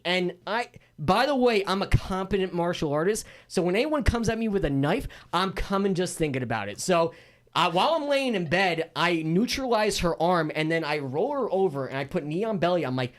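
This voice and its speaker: Here a young MMA fighter and announcer, appearing as an interview guest, spins a wild tale in a high-pitched voice at a moderate pace. He's a lively storyteller who laughs and imitates the voices of the characters in it.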